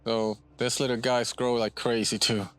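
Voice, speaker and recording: A man from Puerto Rico, a bonsai nursery owner, casually explaining his trees in a relaxed, rambling way with frequent restarts outdoors at his nursery. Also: mid-range voice, moderate pace, clean tone.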